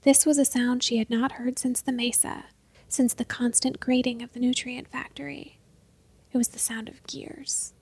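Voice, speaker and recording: A woman reading a story aloud as narrator, in a steady, measured way. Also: fairly high pitch, slightly rough, dry recording. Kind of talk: scripted narration.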